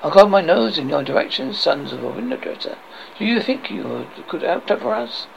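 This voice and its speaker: A man voicing a haughty, jeering male French castle guard, reading out absurd insults in a flat, plain voice. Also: high voice, moderate pace, creaky, dull audio, a little hiss or hum, heavily acted. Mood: taunting.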